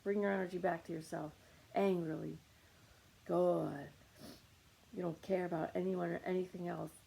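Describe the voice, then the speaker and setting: A woman's voice: lowish voice, fairly even intonation, normal speed, vocal fry, long pauses, dark tone, low-quality recording. A woman leading a guided meditation on anger, coaching listeners with short repeated commands.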